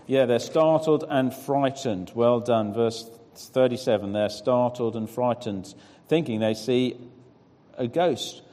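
Speaking in a warm, middle-pitched voice, a preacher leads scripture reading and questioning as interactive teaching. He pauses for answers and encourages those in front of him, his voice carrying a long reverb like sound across a church hall.

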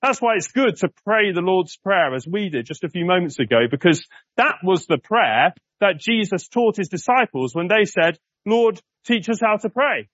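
A man's voice: high voice, lively intonation, fairly bright tone, dry recording, highs cut off. Conversational man preaching a sermon. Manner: conversational, asks the congregation questions; slows right down to stress key words. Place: church.

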